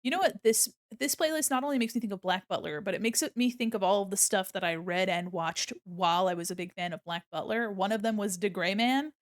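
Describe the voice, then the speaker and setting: A woman's voice: mid-range voice, brisk, few pauses, no room sound, studio quality. A young adult woman streaming as an illustrator, chatting casually and goofily while she draws, giggling often. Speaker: livestreaming illustrator.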